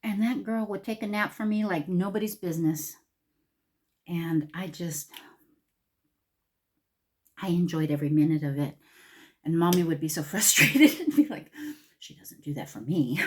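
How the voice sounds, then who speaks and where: A middle-aged woman with a somewhat low voice rambles through a personal story, talking straight to camera. Her delivery is casual and conversational, circling back on her own words as she goes. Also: moderate pace, pauses often. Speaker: beauty vlogger.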